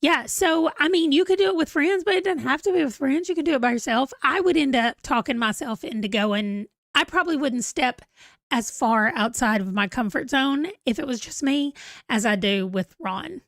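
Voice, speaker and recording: A woman's voice: high voice, normal speed, no echo. A woman in her forties hosting a casual livestream, chatty and rambling as she reads viewer comments aloud. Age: 40s. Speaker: book channel host.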